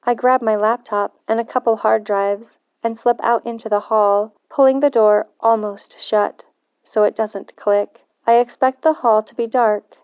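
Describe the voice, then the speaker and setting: Woman reading a novel, smooth and bright. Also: a little high, steady tone, no room sound, studio quality. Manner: earnest, measured storytelling. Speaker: audiobook narrator. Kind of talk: first-person novel narration.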